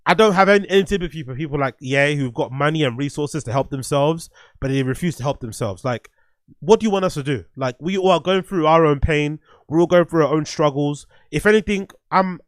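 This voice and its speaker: A podcast host with a somewhat high voice talks bluntly and swears freely. He works his thoughts out aloud in loose livestream commentary, with plenty of restarts. The sound is close and dry. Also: no echo. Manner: blunt, profane, opinionated; thinks aloud with restarts and fillers.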